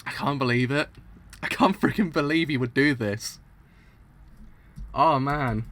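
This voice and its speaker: A man's voice: mid-range voice, a little slow, long pauses, a bit bright. A young man streaming a live reaction, talking with dramatic, exaggerated mock outrage and frequent laughter.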